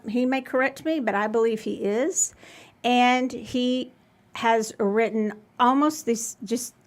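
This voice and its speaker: Gushing woman hosting a live show. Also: fairly high pitch. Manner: gushing, enthusiastic, chatty. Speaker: podcast host. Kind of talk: casual live-show chat. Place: store in Carrollton.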